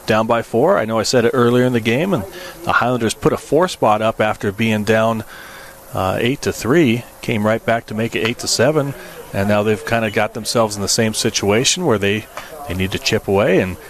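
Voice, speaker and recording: Excitable male baseball play-by-play announcer. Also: moderate pace. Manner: rises sharply in pitch and volume on big plays; drops to a low, relaxed tone for stats.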